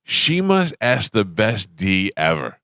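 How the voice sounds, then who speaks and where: A man's voice: on the low side, wildly swooping pitch, takes it slowly, pushed and bright, smooth, no room sound. A man hosting a morning radio show, blunt and crude, joking with his co-hosts in the studio. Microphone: studio microphone.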